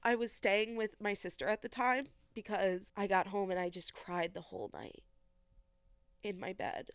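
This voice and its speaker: A woman's voice: medium pitch, normal speed, dry recording. Earnest young woman telling a personal story. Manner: earnest, emotional retelling, many "I was like" quotes. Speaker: podcast host.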